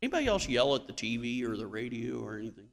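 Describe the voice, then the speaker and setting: Lively-voiced male pastor preaching. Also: mid-range voice, fast talker, gravelly, big-room sound. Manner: storytelling preacher with emphatic swells. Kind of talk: sermon.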